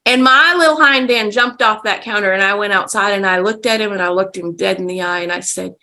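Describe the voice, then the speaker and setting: Bright-voiced woman telling stories. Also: medium pitch, a little fast, few pauses. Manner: vivid, animated storyteller. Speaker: guest. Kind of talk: casual storytelling.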